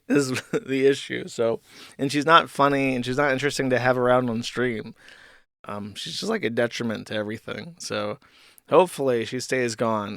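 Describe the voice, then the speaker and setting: A man's voice: medium pitch, creaky, a bit bright, no room sound. Male stream host, dry delivery, casual hesitant commentary, close dry sound. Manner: dry, offhand, hesitant with ums.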